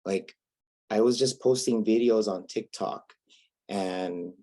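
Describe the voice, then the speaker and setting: A man's voice: fairly low pitch, slow pace, warm tone. A man from Hawaii with a Hawaiian accent, chatting as a guest comedian in a laid-back, wry, self-mocking way. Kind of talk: casual interview chat.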